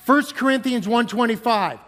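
A man giving a storytelling sermon as guest speaker, animated, laughing often and exclaiming. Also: very high-pitched, moderate pace, big-room sound.

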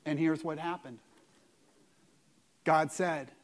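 A man with a high voice preaches with lively energy. He asks rhetorical questions and swings from loud emphasis to hushed asides. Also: moderate pace. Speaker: pastor. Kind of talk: sermon.

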